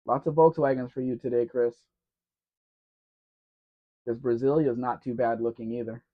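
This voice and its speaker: On a casual live Q&A stream, a man reads viewer comments and answers them in a chatty, teasing way. His voice is medium-pitched, steady and moderately paced, and the sound is dull and lo-fi.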